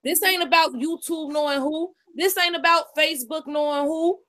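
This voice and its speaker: High bright-voiced woman, emphatic and profane. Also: steady tone, normal speed. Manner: emphatic, repeats her lines for effect; profane, confrontational. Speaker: live-stream co-host. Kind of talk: casual live-stream commentary.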